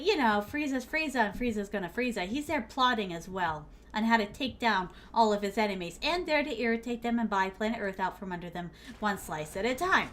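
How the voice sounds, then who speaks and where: Woman streamer, casual rambling storyteller, laughs a lot, high voice. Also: fairly bright tone. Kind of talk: casual game-stream chatter.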